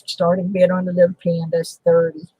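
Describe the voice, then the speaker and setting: Speaking a little fast in a lowish, mellow, fairly monotone voice, a middle-aged woman runs a relaxed coin collecting stream from her mountain home. Her talk wanders with humor and self-mockery, over poor audio with slight background noise.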